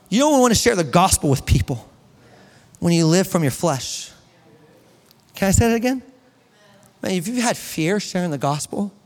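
A man preaching a sermon to his congregation in a church, energetic and building to near-shouts. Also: sits high. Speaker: pastor. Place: church sanctuary. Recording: long reverb of a hall.

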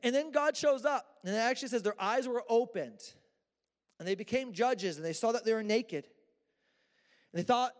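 A man's voice: extremely high pitch, normal speed, pauses often. A man preaching a sermon in a church, casual and joking with slang. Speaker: pastor. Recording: echoey church hall.

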